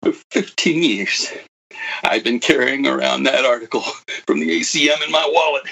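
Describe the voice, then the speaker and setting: A man's voice: mid-range voice, moderate pace, vocal fry, bright, forceful tone. An actor playing a bitter old man who was once a computer prodigy, delivering a dramatic monologue that swings from wry to anguished. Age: older.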